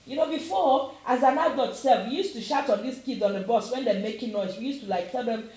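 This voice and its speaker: Fairly high in pitch and fairly quick, her voice has a darkish tone. This middle-aged Nigerian commentator, speaking with a Nigerian accent, passionately presses her opinions through emphatic repeated questions and bits of Yoruba, in a very echoey room with faint noise.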